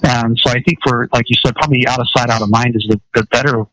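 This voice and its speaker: A man talking as a guest on a talk show, telling a rambling, animated story. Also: mid-range voice, quick pace, no room sound, poor audio. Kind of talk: casual interview talk.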